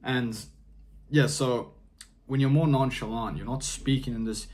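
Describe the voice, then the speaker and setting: A man's voice: mid-range voice, fairly even intonation, unhurried, a little mellow. A young man vlogging casual advice in a laid-back, rambling way, peppering his talk with slang. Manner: rambling, often trails off and restarts.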